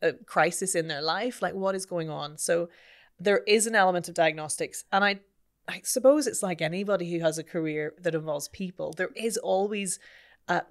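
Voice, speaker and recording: A woman voice coach and longtime voiceover artist answering interview questions in an articulate, expressive way. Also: fairly low pitch, normal speed. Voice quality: practised microphone voice of a voiceover artist. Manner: articulate and expressive, with playful sound effects. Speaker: voice coach and podcast guest.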